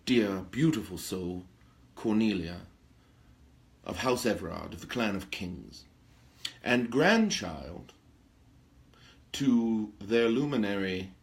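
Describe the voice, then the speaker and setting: A man playing a pompous, theatrical aristocratic male vampire lord who hosts a talk show, with grandiloquent speech and gossipy asides. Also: fairly low pitch. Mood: scandalized. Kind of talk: in-character role-play talk show.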